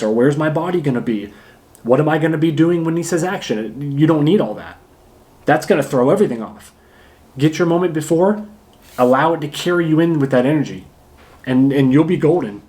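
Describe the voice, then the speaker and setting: A man coaches actors in a casual talk to camera, speaking with energy and emphasis. He punctuates his points with physical demonstrations. His voice sits a little high for a man. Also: darkish tone. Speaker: acting coach.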